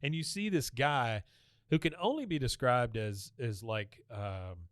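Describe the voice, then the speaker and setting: A man's voice: medium pitch, unhurried, dry recording. Male podcast host, mid-range voice, rambling chatty recap, dead-dry close mic. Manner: chatty, retells scenes with filler and quoted lines. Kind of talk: casual episode recap.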